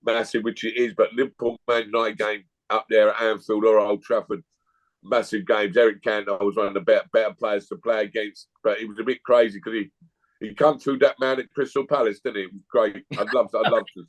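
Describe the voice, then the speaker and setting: A man's voice: fairly low pitch, level tone, a little fast, muffled recording. A man, a guest telling blunt, jokey stories in a casual chat.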